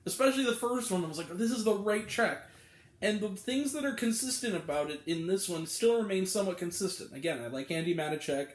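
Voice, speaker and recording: A man's voice: high voice, animated, quick pace, hardly any pauses, roomy sound. A man giving a casual, exasperated spoken film review, rambling with lots of fillers. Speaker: movie reviewer.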